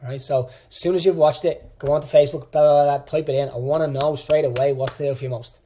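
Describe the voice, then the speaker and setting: A man's voice: on the high side, fairly even intonation, quick pace, dark tone, slight background noise. A man teaching a coaching course in a casual, direct way, repeating phrases for emphasis. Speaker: fitness coach. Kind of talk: online coaching course lecture.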